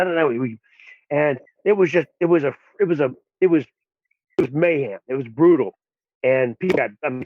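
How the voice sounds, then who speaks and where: A man telling an army story as a podcast guest, animated and acting out the people he quotes. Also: a little high, no echo. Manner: animated, acts out quotes in raised voices. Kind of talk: storytelling in conversation. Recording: dry tinny phone-like line.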